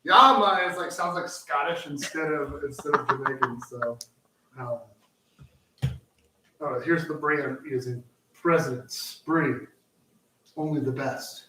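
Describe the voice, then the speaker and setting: Here a mid-range male voice speaks unhurriedly, leaving long pauses. He's a co-host on a live cooking show, making rambling small talk full of fillers and restarts while he cooks, captured in a roomy space by a distant mic with faint noise.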